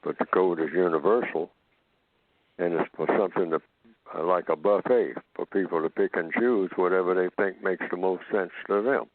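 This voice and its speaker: A man who is a guest on a call-in radio program, speaking slowly and repeating phrases for emphasis. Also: deep voice, no room sound. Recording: tinny phone-line audio.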